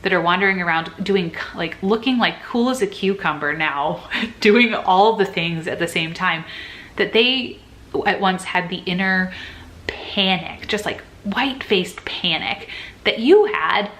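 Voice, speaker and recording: A woman's voice: fairly low pitch, expressive, measured pace, fairly bright tone. A young woman, a nurse, talking casually and earnestly to camera, acting out her own past worries as she goes. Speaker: nurse sharing advice. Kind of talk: casual vlog chat.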